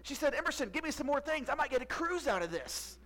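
A man voicing an excited middle-aged wife in a high, loud, breathless voice. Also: quick pace, heavily acted. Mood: giddy.

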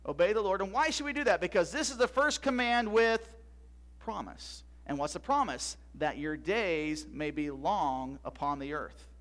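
A middle-aged pastor preaches a sermon in a conversational style, often putting questions to the congregation. His high-pitched, slightly bright voice has lively intonation and moves at normal speed.

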